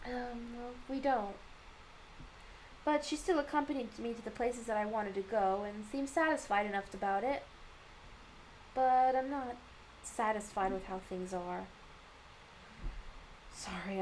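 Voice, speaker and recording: A woman reading a shy, gentle young man's lines from a manga, speaking softly and haltingly. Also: medium pitch, slight background noise, pitched below the performer's own voice, lightly acted, poor audio. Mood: hesitant. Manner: hesitant, halting, soft-spoken.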